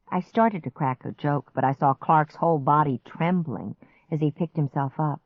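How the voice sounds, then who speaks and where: A woman narrating a children's story in the first person, slow and expressive. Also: low-pitched, dry recording. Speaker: audiobook narrator. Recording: dry, slightly muffled audiobook recording.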